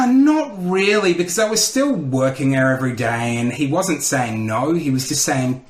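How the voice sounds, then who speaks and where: A man, a comedian telling lively stories in a podcast interview and acting out the voices of people he quotes. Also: fairly high pitch, normal speed, hardly any pauses, roomy sound. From Australia. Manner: animated storyteller who acts out quotes. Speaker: comedian and radio host, podcast guest. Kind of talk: casual interview storytelling.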